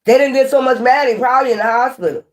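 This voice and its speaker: A woman giving a casual, animated tarot reading, often scolding and repeating herself. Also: high voice, fast talker. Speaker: tarot reader.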